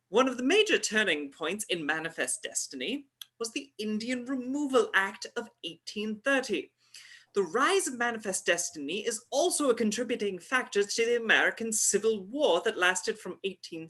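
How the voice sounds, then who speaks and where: A woman's voice: medium pitch, sharp tone. A woman reading a self-assured lecturing woman. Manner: measured, declaiming. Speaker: actor in a play reading. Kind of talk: live play reading.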